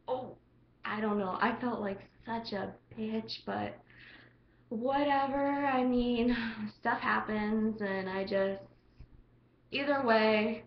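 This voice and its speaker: A teenage girl with a fairly high voice tells a story in a casual vlog, chatty and full of "like." She acts out what people said with big leaps in pitch. The room sounds roomy and a bit dull, with a faint hum behind her. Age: teens. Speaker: vlogger.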